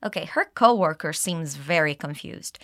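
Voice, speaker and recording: Bright, lively woman teaching English. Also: low-pitched, dry recording, clean studio sound. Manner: clear, slow modeling of phrases with exaggerated intonation. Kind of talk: English lesson with repeat-after-me drills.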